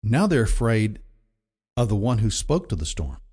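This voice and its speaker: A man's voice: fairly low pitch, big pitch swings, moderate pace, a little mellow, husky. A man preaching a sermon in a conversational, emphatic way, often repeating himself for effect. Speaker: pastor.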